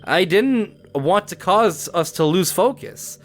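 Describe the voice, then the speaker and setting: A man's voice: high voice, expressive, pitched above the performer's own voice. A man reading a remorseful young woman. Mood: ashamed. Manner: slow, subdued, ashamed.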